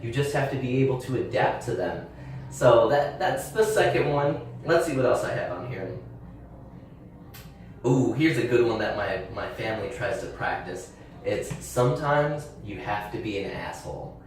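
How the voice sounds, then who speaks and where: A young man talks candidly and in a rambling way, with fillers and restarts, as he hosts his own channel. His voice sits at an ordinary pitch and is picked up from a little way off the mic. The room is very echoey, with faint background hiss. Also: lively intonation, moderate pace, distant mic. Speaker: channel host. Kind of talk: personal storytelling monologue.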